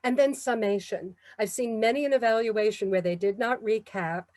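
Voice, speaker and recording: A woman with a New York accent giving a measured, encouraging talk on public speaking. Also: on the high side, a little mellow, no room sound. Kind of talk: instructional talk.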